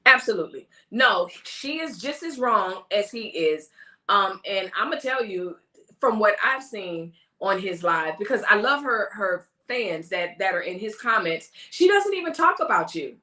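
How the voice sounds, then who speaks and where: A woman hosting a casual live-stream chat, animated and laughing, mimicking the people she talks about. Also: medium pitch, unhurried, echoey room. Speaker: host of a live talk stream.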